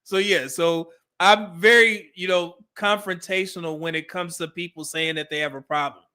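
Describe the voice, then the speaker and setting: Blunt high-voiced man, bright tone. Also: fairly even intonation, moderate pace, smooth. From California. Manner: blunt, profane, preachy advice. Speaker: host. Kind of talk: casual commentary stream.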